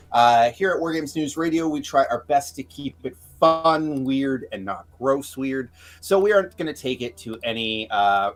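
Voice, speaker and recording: An upbeat man hosting a live tabletop game stream as game master, talking casually with many filler words. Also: mid-range voice. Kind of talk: casual livestream chat.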